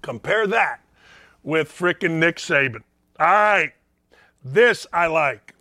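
An older man delivers a blunt, sarcastic sports talk monologue from his home basement studio. His voice sits high for a man and sounds bright and forceful. He keeps swinging from loud outbursts to quick asides. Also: lively intonation.

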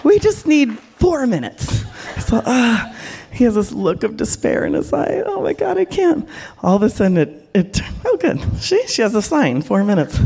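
Lively, frank woman storyteller. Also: medium pitch, normal speed, creaky, a little hiss or hum. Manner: frank, animated, acts out voices. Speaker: porn director. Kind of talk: live storytelling to an audience.

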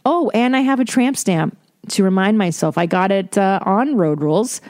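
A woman's voice: medium pitch, expressive, normal speed, darkish tone, dry recording, clean studio sound. Profane, self-mocking woman podcast host. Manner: profane, self-deprecating, rambling storyteller. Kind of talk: casual solo podcast monologue.

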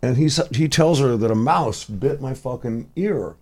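A man talks as a podcast guest, laid-back and casual as he tells stories and swears freely. His voice sits at an ordinary middle pitch. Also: normal speed, a little mellow, slightly rough. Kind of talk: casual chat.

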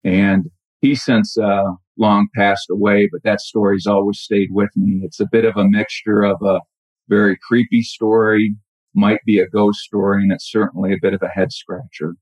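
A middle-aged man telling a personal story in a halting, reflective way with many restarts. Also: fairly low pitch, level tone, darkish tone, husky, no echo. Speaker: caller telling a true story. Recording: dull lo-fi audio.

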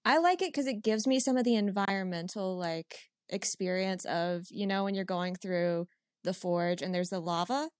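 A woman co-hosting a casual chat, bubbly and quick with puns. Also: mid-range voice, no echo, clean studio sound. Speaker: co-host.

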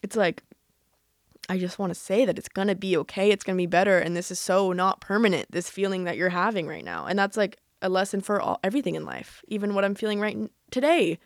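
A young adult woman talks in a casual vlog, chatty and quick to laugh, with "like" scattered through her sentences. Her voice sits in an ordinary middle pitch for a woman. The sound is dry, with no room echo. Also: expressive. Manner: chatty, laughs often, heavy use of "like". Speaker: vlogger. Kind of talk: casual vlog, reading old journal entries aloud.

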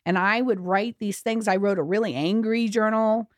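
A woman's voice: mid-range voice, moderate pace, no room sound, studio quality. A middle-aged woman, a grief educator guest, telling her story candidly in an earnest, emphatic way on a podcast. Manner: earnest and emphatic, with many restarts.

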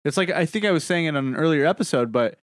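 A man's voice: a little high, animated, fast talker, no echo, clean studio sound. Easygoing wry man on a podcast. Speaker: podcast co-host. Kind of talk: casual chat.

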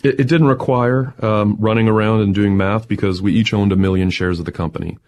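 A man, a tech entrepreneur, telling his story in an interview with excited energy and frequent laughter. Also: fairly low pitch, fairly quick.

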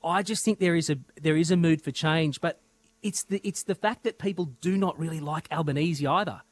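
An Australian man talking politics on the radio, animated and quick to restart his sentences. His voice sits a little high for a man, and he is eager to explain. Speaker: radio presenter.

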